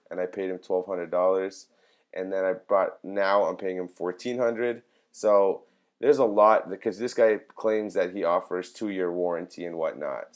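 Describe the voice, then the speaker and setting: A man's voice: lowish voice, darkish tone, clean tone. Frustrated man ranting about a mechanic. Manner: frustrated, retells dialogue in quotes. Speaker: customer telling a complaint. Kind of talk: casual vlog rant.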